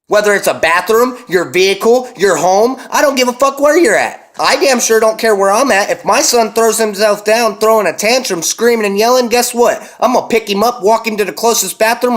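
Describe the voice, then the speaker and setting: A man's voice: extremely high pitch, fairly bright tone. Intense young man ranting hard. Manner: intense, emphatic, heavy cursing, slows to hammer key words. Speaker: vlogger and parent. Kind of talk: heated ranting monologue.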